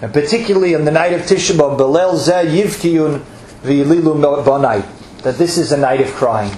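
Speaking at a normal speed, a man with a fairly high but darkish-toned voice gives an earnest sermon as a rabbi. He elongates words for emphasis and weaves in Hebrew vocabulary. The echoey room carries faint ambience and a little background noise.

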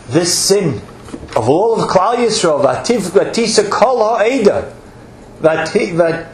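A rabbi with a fairly high voice gives an earnest sermon, stretching out words for emphasis and weaving in Hebrew terms. The recording is from an echoey room with faint ambience and carries a little hiss or hum.

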